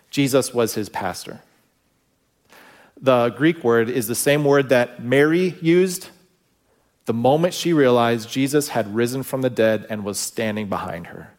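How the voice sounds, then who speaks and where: Man preaching a conversational sermon. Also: medium pitch. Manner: storytelling with acted-out quotes, conversational asides. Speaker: pastor.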